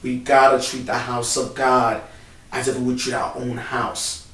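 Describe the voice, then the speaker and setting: A little slow and monotone, this co-host speaks in a fairly bright, medium-pitched voice during a casual, emotional chat peppered with "bro" and "man." The recording, made in a church building with a distant mic, is roomy and carries faint background noise.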